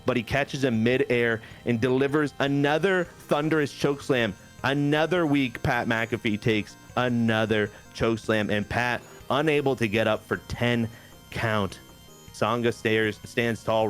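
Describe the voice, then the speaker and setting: A man hosts a game playthrough, narrating the story in a hyped, playful way and saying "baby" a lot. His mid-range voice moves at a moderate pace over faint background music, in casual game commentary.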